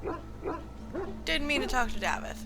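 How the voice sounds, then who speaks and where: A woman's voice: high voice, lively intonation, normal speed. A woman streaming a video game, making casual, blunt and offhand comments between dialogue choices.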